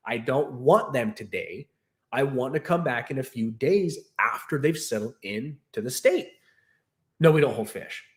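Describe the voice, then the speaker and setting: A young man casually recounting a frustrating shopping trip, animated and exasperated, acting out the dialogue as he goes. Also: medium pitch. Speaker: fish keeper vlogger. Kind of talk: casual storytelling rant.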